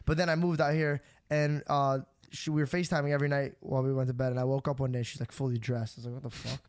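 A man's voice: mid-range voice, fast, clean tone, no echo. A young man, a podcast host, telling a long personal story in casual chat, swearing freely and acting out what people said. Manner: animated, swears freely, acts out quotes.

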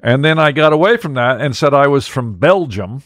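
A man's voice: medium pitch, animated, normal speed, fairly bright tone, no echo, studio quality. A man hosting a podcast, chatting casually and hesitantly, with many fillers and the odd chuckle. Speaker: podcast host.

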